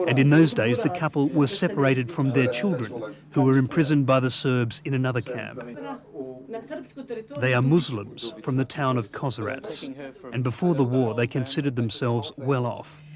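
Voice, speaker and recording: A man reading scripted documentary narration in a measured, even way. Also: medium pitch, crowd noise.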